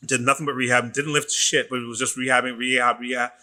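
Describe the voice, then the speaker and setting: Animated, swearing male personal trainer. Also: mid-range voice, fast. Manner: animated storyteller who acts out quoted voices and swears freely. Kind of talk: casual podcast chat.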